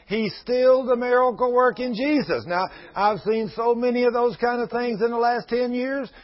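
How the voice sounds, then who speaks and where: Older man preaching, husky and high. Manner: folksy storytelling with quoted voices. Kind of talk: sermon. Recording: dull lo-fi radio broadcast.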